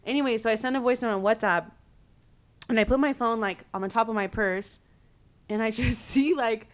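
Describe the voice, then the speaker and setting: A young woman from California hosting a podcast, telling stories in a casual, animated way, full of fillers and swearing. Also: fairly high pitch, brisk. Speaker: podcast host. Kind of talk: casual storytelling chat.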